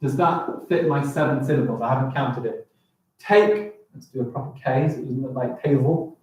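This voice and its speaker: A man teaching a primary school class on a live stream, enthusiastic and encouraging, reading lines slowly aloud as he counts them out. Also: mid-range voice, a little mellow, reverberant, rough recording.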